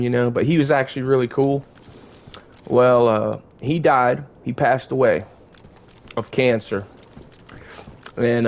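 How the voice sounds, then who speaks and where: A man at a medium pitch talks to his live stream chat, loose and casual. He tells a story the way he would to friends, swearing freely and drifting from thought to thought. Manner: relaxed, profane, conversational. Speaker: game streamer.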